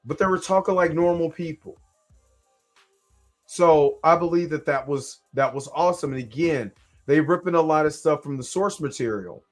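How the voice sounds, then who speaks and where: A man's voice: a little high, normal speed, faint music behind. A man from Kansas City hosting a casual live reaction show, talking at length and often asking "you know what I'm saying". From Kansas City, USA. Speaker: show host reviewing an episode.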